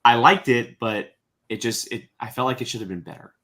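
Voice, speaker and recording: A man appearing as a podcast guest, talking earnestly and hesitantly, often pausing and restarting as he reviews a show. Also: mid-range voice, pushed and bright. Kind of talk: casual review chat.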